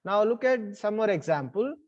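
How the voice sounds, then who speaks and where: A male teacher runs an online class over a video call. He explains slowly, repeats his questions and calls on students by name. The call audio is slightly muffled. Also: sits high, animated, darkish tone.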